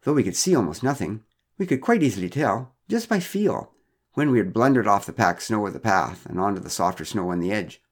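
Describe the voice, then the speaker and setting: A man's voice: on the low side, sing-song, a little fast. A man narrating a personal story with wry, dry humor.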